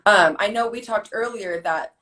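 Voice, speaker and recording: Woman athlete, interviewer in a casual chat, friendly and curious, mid-pitched voice. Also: normal speed, pushed and bright, low-quality recording. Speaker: softball player and interviewer.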